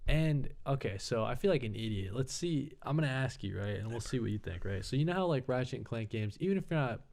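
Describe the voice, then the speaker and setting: A young man co-hosting a gaming podcast with a laid-back, easygoing delivery. His voice sits at an ordinary middle pitch, and he rambles through stories with crude jokes. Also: animated, quick pace, gravelly, darkish tone. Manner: laid-back, crude humor, loose storytelling. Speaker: podcast co-host. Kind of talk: casual chat.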